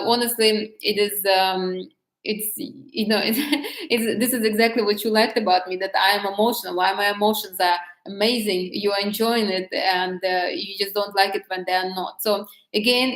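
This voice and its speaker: A woman's voice: mid-range voice, a bit bright. Chatty woman in an echoey room. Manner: candid and chatty, with many restarts and laughs. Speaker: vlogger giving dating advice. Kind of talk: casual talk to camera.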